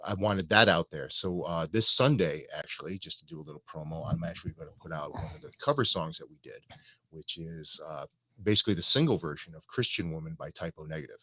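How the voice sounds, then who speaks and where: A man talking as a guest in a relaxed live-stream interview, loose and halting, with many fillers and restarts. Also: extremely low pitch, no echo. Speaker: musician guest.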